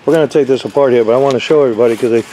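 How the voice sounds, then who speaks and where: A man's voice: mid-range voice, very fast, mellow, slight background noise, low-quality recording. A man giving a casual, rambling job-site walkthrough of an RV roof repair, with lots of fillers. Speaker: RV roof installer.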